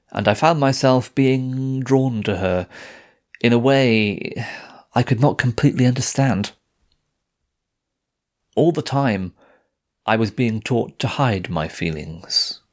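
A man narrating a first-person audiobook in a measured, steady reading voice. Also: mid-range voice.

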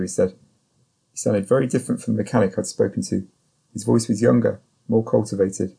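A man reading a thriller audiobook in first person, at a steady, measured pace. His voice is low and gravelly, with a dark, slightly husky tone. The delivery stays even and controlled. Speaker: audiobook narrator. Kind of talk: scripted first-person narration.

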